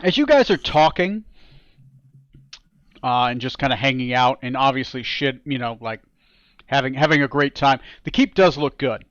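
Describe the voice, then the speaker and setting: Hesitant game master on a muffled call. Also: male voice, medium pitch, animated, moderate pace, long pauses, a bit bright, dry recording. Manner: hesitant, full of fillers. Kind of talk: running a tabletop game online.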